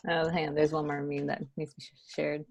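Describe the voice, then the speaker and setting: A woman making quick, enthusiastic remarks in a casual chat. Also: sits low, little pitch movement, creaky, slight background noise.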